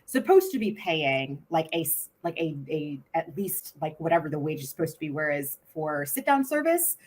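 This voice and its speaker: An American woman talks animatedly in a casual podcast chat, with a voice pitched a touch low. She thinks out loud and explains her point with many asides. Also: sing-song, normal speed. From United States.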